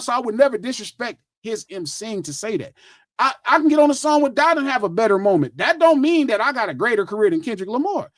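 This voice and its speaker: A man's voice: very high voice, fairly bright tone, dry recording, studio quality. A middle-aged man, hosting a podcast and arguing his point in a heated, profane, insistent casual debate. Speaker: podcast host.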